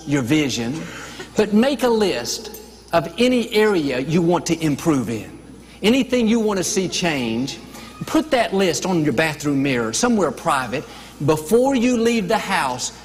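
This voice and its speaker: A man's voice: on the high side, big-room sound. A man preaching a motivational sermon, emphatic, stacking up lists of declarations and slipping in playful asides. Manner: playful asides with light chuckles.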